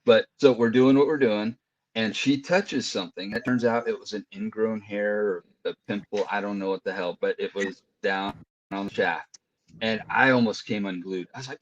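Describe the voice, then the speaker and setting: A man guesting on a casual podcast shares candid personal stories with animated delivery. His voice sits fairly low. The recording sounds dull and lo-fi, with the highs muffled. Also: moderate pace, slight background noise. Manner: animated, confessional storytelling. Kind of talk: casual chat.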